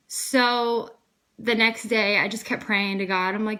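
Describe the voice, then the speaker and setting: A woman in her thirties with a bright, forceful voice tells a personal faith story in a casual, earnest way. She acts out each exchange, lifting her voice for the other people and trailing into fillers as she goes. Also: medium pitch, a little slow. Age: 30s. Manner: earnest, animated retelling with quoted dialogue and frequent fillers. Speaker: vlogger sharing a faith testimony.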